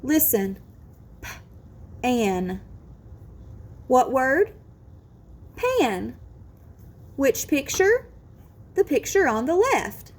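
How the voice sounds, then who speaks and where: A woman teaching a kindergarten phonics lesson, sounding out words slowly and with exaggerated care. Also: high-pitched, sing-song. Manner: drawn-out, exaggerated sounding out of words, sing-song encouragement. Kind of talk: slow, careful phonics lesson for young children.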